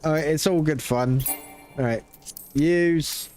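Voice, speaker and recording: A man's voice: fairly high pitch, slow pace, a little mellow. A man casually commentating his gameplay, joking, swearing freely and slipping into silly voices. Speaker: gameplay streamer. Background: game music.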